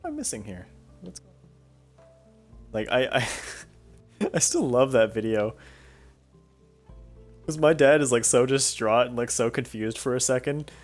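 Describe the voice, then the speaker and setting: A man's voice: mid-range voice, big pitch swings, moderate pace, long pauses, soft background music. A young man streaming a game, telling stories in a rambling, profane way and laughing often. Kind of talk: casual storytelling while playing a game.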